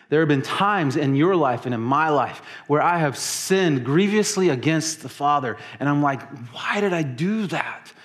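A man preaching to his congregation, telling the story with lively emphasis and acting out quoted lines. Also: mid-range voice. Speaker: pastor. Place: church service in a large hall.

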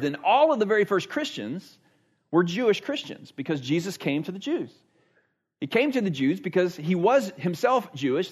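A man preaching a Sunday sermon in a church, earnest and emphatic, repeating words for stress. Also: fairly high pitch. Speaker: pastor. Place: church sanctuary.

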